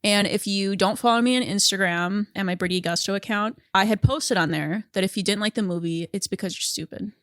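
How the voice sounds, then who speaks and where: A woman's voice: medium pitch, fairly quick, hardly any pauses, fairly bright tone, dry recording, studio quality. A woman co-hosting a podcast, chatting casually with plenty of "like" fillers, frequent laughter and casual swearing. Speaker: podcast co-host. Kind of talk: casual chat.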